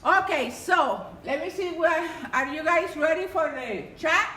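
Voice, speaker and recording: A woman leading a live-streamed workout class as instructor, energetic and exclamatory, cheering and greeting her viewers. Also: extremely high pitch, unhurried, slight background noise. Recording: echoey room with loud music. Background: loud music.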